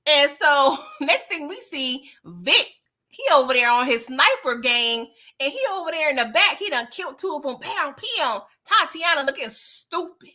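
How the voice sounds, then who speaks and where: A woman casually recapping a TV episode on her vlog, animated and playful, often laughing. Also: sits high, normal speed. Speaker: YouTuber recapping a TV show.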